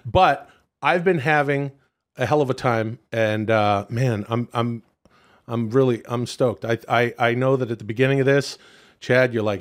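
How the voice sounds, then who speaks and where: Man from Canada, podcast co-host, lively and profane, mid-pitched voice, restarts a lot. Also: unhurried. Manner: animated, profane, with many restarts. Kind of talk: casual chat.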